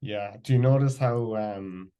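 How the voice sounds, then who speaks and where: A man's voice: on the low side, a little slow, warm tone. Irish man hosting a chatty podcast. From Ireland. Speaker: podcast host. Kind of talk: casual podcast chat.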